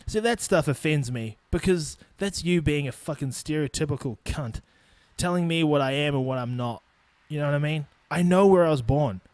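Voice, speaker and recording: A man's voice: on the high side, normal speed, dry recording. A man in his twenties with a New Zealand accent, hosting a solo podcast and ranting bluntly with lots of swearing. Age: 20s. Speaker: podcast host. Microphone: studio microphone.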